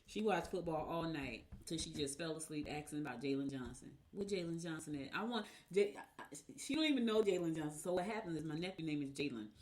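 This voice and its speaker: A woman hosting a radio show, reading horoscopes in a casual, chatty way and rambling into personal asides. By her own account she talks fast. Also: low-pitched, animated, darkish tone.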